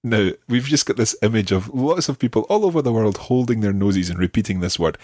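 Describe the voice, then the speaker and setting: A man hosting an audio language lesson, explaining patiently and modeling words slowly for listeners to repeat. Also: on the low side, animated, a little mellow, no room sound. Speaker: language teacher and host.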